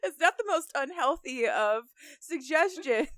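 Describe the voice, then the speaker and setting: A woman with a high voice and animated pitch reacts to a story with short interjections and laughs. Her sound is dry and close. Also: unhurried, no room sound. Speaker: podcast co-host. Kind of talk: casual podcast chat.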